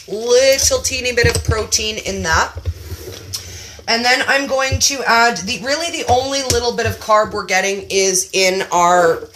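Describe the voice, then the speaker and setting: A woman's voice: a little high, fairly bright tone, slight background noise. A woman hosting a cooking video from her kitchen, telling a story in a casual, self-mocking way and laughing often, then demonstrating a snack. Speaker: cooking channel host. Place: home kitchen.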